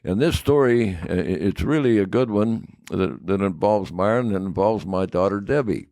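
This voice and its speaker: A man in his nineties, a guest on a podcast, telling a long story in a rambling, halting way, full of fillers and repeats. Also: fairly low pitch, dark tone, no room sound. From United States. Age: 90s. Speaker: podcast guest, former football player. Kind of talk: anecdotal storytelling.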